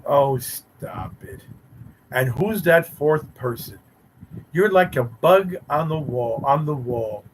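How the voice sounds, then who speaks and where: A man's voice: on the high side, lively intonation, takes it slowly, a little hiss or hum, poor audio. A man hosting a casual live stream, teasing and bantering sarcastically with his chat viewers.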